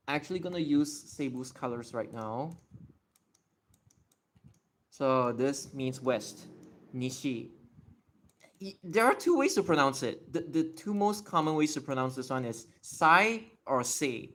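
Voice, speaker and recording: Casual young male streamer; unhurried delivery, talks through his writing as he goes. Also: mid-range voice, lively intonation, fairly bright tone. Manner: explains step by step while writing, thinking aloud. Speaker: livestreamer. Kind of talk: casual livestream explanation.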